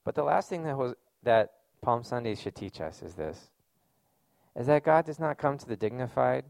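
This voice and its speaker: A man's voice: medium pitch, big pitch swings, normal speed, creaky, darkish tone, no echo. A man giving a sermon as a pastor, speaking in a conversational, earnest way with casual fillers.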